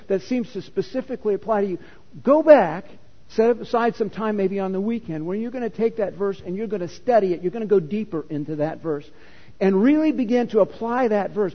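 A man preaching a sermon as a pastor, teaching in a conversational way with rhetorical questions to the congregation. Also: sits high. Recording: dull sound with long hall reverb.

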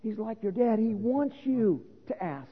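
A man's voice: high voice, sing-song, measured pace, slightly rough. A middle-aged man preaching a sermon, explaining scripture in an earnest, teaching manner. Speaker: pastor. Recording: reverberant hall on a phone-like line.

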